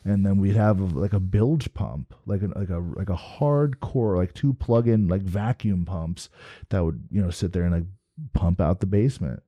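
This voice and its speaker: A man's voice: low voice, moderate pace, dry recording, dull audio. A man from New Jersey telling a long, rambling story with lots of cursing and restarts in casual chat. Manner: profane, rambling, with many restarts. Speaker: guest.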